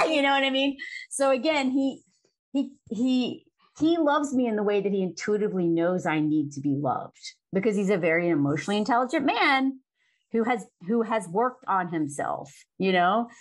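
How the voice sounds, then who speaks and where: Woman, forties, frank, casual swearing, easy laughs, mid-pitched voice. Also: normal speed. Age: 40s. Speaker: guest. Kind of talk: candid conversational interview.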